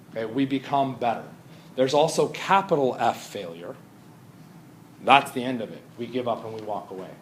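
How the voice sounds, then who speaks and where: A man's voice: medium pitch, a little hiss or hum. A man teaching a chemistry class in a conversational lecture, often checking in with his students. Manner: conversational, often asks "Right?".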